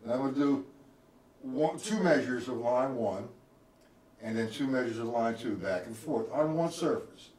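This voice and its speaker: A man's voice: medium pitch, animated, moderate pace, noisy background. A man teaching a live-streamed drum lesson, counting beats aloud and quizzing his viewers by name. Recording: roomy, from a distance.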